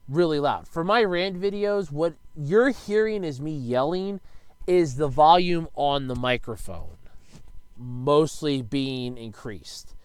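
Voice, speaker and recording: A man casually rambling in a home video, swearing freely and now and then bursting out loud, speaking close to a desk microphone in his bedroom. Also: a little high, clear, resonant tone, dry recording. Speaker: YouTuber answering viewer questions.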